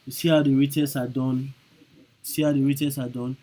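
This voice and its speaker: A man's voice: mid-range voice, level tone, normal speed, warm tone, low-quality recording. A man teaching chart trading over a screen recording, repeating each point and checking in with "okay?" and "right?". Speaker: trading instructor.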